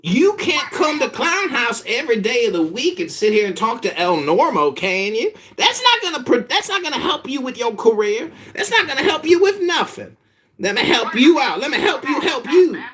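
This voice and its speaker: A man putting on a voice as a self-righteous ranter, shouting and mocking his listeners. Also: very high voice, big pitch swings, normal speed, pitched above the performer's own voice, heavily acted. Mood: lecturing. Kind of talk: comedic trolling rant.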